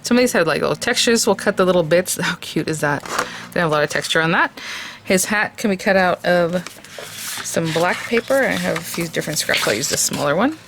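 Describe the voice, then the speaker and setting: A woman's voice: lowish voice, expressive, a little fast, noisy background. A woman hosting a craft video, chatting casually with many fillers as she shows supplies. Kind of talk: casual product review and tutorial.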